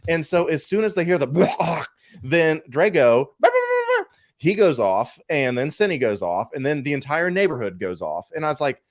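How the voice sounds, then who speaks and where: A tired man co-hosting a casual collecting show, telling an animated story and swearing freely. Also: on the high side, a little slow, no echo, clean studio sound. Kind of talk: casual podcast chat.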